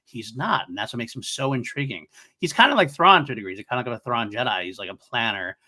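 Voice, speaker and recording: A man with a bright, forceful voice talks through a fan podcast review as co-host. He is eager and chatty, and he often laughs while acting out favorite lines. His pitch sits in the usual middle for a man. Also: fast. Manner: excited, laughs while quoting scenes.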